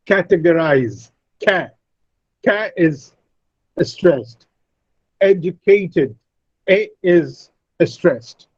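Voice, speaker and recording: A man teaching English word stress in an online lecture, speaking deliberately and repeating each word to model it. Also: sits high, breathy edge, dry recording, muffled recording. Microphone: computer mic on a video call.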